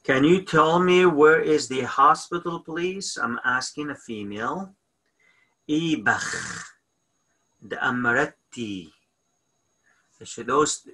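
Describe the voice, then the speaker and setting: A man teaching a language lesson, patiently repeating phrases slowly and explaining sounds step by step. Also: medium pitch, pushed and bright, poor audio.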